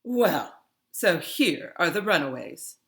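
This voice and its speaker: A woman voicing a brusque middle-aged female caretaker who speaks loudly in clipped phrases. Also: lowish voice, sing-song, slow, full character voice.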